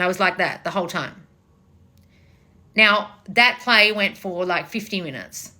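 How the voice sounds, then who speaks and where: A woman's voice: on the low side, lively intonation, a little slow, long pauses, sharp tone. A woman giving a blunt, casual motivational talk, swearing freely as she coaches viewers. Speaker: manifestation coach.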